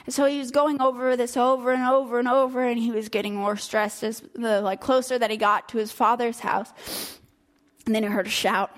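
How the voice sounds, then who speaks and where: A woman with a fairly high voice retelling a Bible story. She is casual and chatty, animated as she goes, with asides to her listeners. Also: fairly quick. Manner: chatty, animated, laughs between lines.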